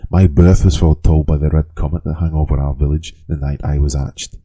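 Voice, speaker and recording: A man's voice: a bass voice, steady tone, fairly quick, mellow, breathy edge. Man putting on a Liverpool kender sorcerer. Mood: wry storytelling. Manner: wry, storytelling. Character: young male kender sorcerer telling his own strange backstory.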